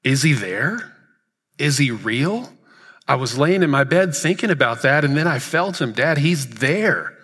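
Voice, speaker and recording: A man's voice: fairly high pitch, expressive, measured pace, fairly bright tone, husky, full character voice. A man quoting an awed little girl. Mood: awed, earnest. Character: six-year-old girl, awed and tearful. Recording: reverberant hall.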